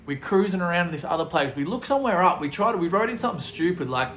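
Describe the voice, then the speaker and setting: A young Australian man telling a story in a casual, comedic way. His delivery is animated and crude, with frequent laughter. His voice sits fairly high and has a roomy echo. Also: quick pace, slight background noise. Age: young adult.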